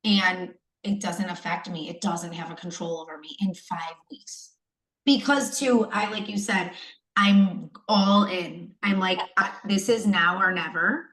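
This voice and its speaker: Speaking unhurriedly in a lowish, fairly bright voice, a young American coaching client gives an emotional, rambling video-call testimonial full of fillers and restarts. She is in her third trimester of pregnancy. The recording is low quality, with a roomy sound.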